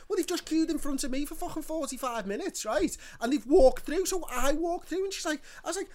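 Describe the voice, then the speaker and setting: A man telling a story in casual chat, animated and ranting, swearing often. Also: very high-pitched, quick pace, few pauses.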